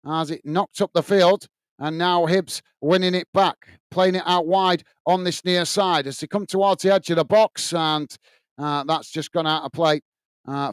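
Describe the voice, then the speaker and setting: A middle-aged Englishman hosts a watch-along, calling a live football match and reading out viewer chat in a blunt, upfront manner, calling everyone mate. His voice is smooth, clear, and a little high. It's recorded close on a dry mic with no room sound or echo.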